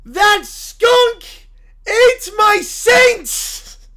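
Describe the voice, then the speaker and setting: A woman voicing a furious male bear cult leader who shouts and wails melodramatically. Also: very high-pitched, expressive, drawn-out words, voice pushed up, full character voice. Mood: despairing.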